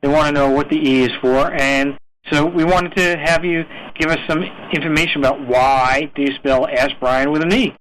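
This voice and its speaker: A man's voice: fairly high pitch, steady tone, moderate pace, a bit bright, low-quality recording. A man hosting a podcast in casual chat, teasing and joking with his co-hosts. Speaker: podcast host.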